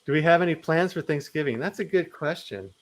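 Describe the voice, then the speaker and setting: A man's voice: on the high side, expressive, brisk, background noise. A man hosting a livestream, reading chat comments aloud with easy laughter.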